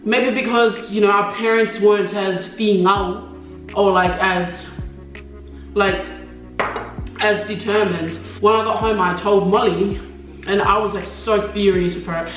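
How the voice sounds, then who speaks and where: A woman's voice: unhurried, recorded from a distance. Echoey young woman telling a story. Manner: animated, acts out quoted voices in high pitch, laughs often. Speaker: mukbang co-host. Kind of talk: casual storytelling chat. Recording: echoey room, off-mic, faint music.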